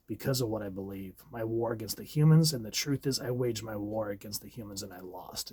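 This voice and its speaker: A man reading comic lines aloud as a broken, grief-stricken older male mutant leader, in a low, subdued way. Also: a little mellow, breathy edge.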